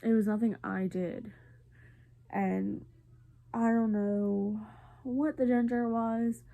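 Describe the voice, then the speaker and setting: A tired, congested woman speaks to her vlog camera in an earnest, confiding way. Her voice is mellow and gravelly with vocal fry, and she talks slowly. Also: mid-range voice, steady tone. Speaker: family vlogger. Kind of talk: casual personal talk to camera.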